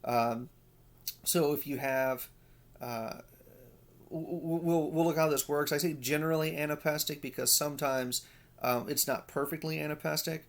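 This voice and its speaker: A man's voice: a little high, steady tone, normal speed. A male lecturer explaining poetic forms step by step, with frequent fillers and restarts. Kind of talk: recorded lecture.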